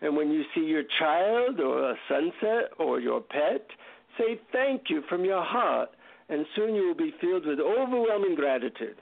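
A man voicing an elderly male Indian guru with an Indian accent, speaking slowly and solemnly over a tinny phone line. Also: on the high side, very animated, vocal fry, exaggerated voice. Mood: instructive.

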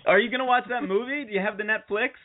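A man's voice: high-pitched, very fast. Rambling man on a tinny line. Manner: giggly, rambling with restarts. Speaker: radio show host. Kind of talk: casual comedic chat.

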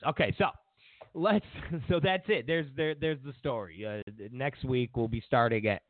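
A man's voice: mid-range voice, dry recording. A man hosting a political commentary show, talking in a loose, rambling way that drifts off topic and turns sarcastic. His voice comes through thin and phone-like, with a dry sound and no room around it. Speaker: show host. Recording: tinny phone-like dry recording.

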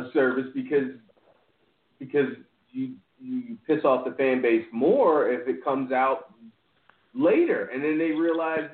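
A man co-hosting a podcast, talking in a rambling, profane, casual way with frequent restarts. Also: mid-range voice. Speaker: podcast co-host. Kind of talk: casual chat. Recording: echoey, phone-like line with faint music.

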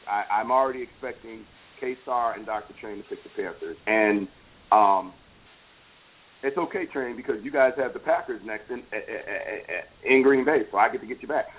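A man hosting a casual sports talk show, animated and teasing, speaking with emphasis. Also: medium pitch, slightly rough. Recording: phone-like lo-fi line.

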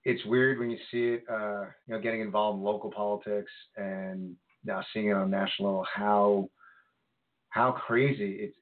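A man co-hosting a casual podcast, talking politics in an animated, rambling way with lots of fillers and restarts. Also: lowish voice. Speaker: podcast co-host. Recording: phone-like lo-fi line.

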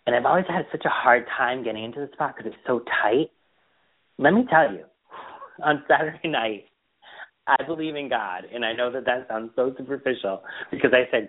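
A man chatting casually as a podcast co-host, telling animated stories about his weekend. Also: medium pitch, normal speed. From Boston area. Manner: chatty storyteller, animated retellings. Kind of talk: casual chat. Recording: tinny phone-line audio.

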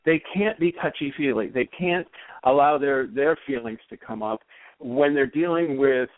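Male expert guest, animated explainer, heard over a dry, phone-like line. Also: medium pitch, normal speed, no echo. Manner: animated, acts out example dialogue. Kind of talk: explanatory interview talk.

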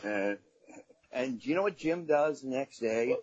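A man's voice: medium pitch, expressive, unhurried, darkish tone, slightly rough, no room sound. A middle-aged man from Staten Island, a guest comedian telling rambling, profane anecdotes in a casual podcast chat. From Staten Island, New York. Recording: dull lo-fi sound.

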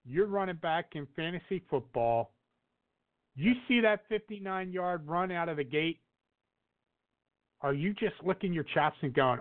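A man co-hosting a casual sports chat, rambling through fillers and restarts. His voice sits somewhat high, and the audio is narrow and tinny, like a phone line. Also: expressive, measured pace, pauses often. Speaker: podcast co-host.

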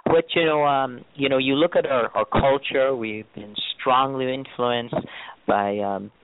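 A man's voice: medium pitch, steady tone, a little slow. Jamaican man, tinny phone line. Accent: Jamaican, toned down. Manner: easygoing, frequent fillers and restarts. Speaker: tourism board guest. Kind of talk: interview answers.

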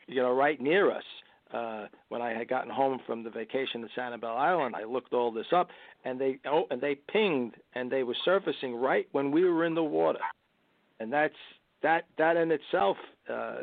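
A man's voice: medium pitch, no room sound. A man, an author speaking as a radio guest, earnest and often laughing as he talks. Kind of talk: radio interview. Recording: tinny phone line, dry.

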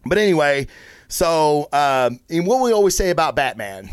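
A man hosting a comic book review show, talking in a casual, rambling, excitable way and swearing freely. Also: a little high, normal speed, clean tone, dry recording, clean studio sound. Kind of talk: casual solo review talk.

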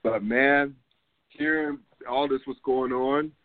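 A man's voice: medium pitch, fairly even intonation, slow, dry recording. A man in his fifties hosting a casual sports talk show, loose and rambling, full of fillers and laughs. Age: 50s. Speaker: podcast host. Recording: phone-like line, dry sound.

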